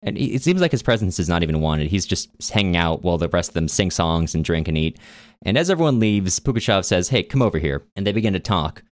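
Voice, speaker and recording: A man's voice: low-pitched, big pitch swings, quick pace, dry recording, clean studio sound. A man co-hosting a casual book podcast, retelling the plot in chatty storytelling with wry asides. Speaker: podcast co-host.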